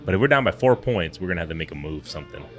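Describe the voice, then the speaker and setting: A man's voice: sits low, animated, very fast, faint music behind. A man co-hosting a fishing podcast from a brewery, chatting casually with a rambling, laid-back manner. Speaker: podcast co-host. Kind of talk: casual chat. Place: brewery taproom.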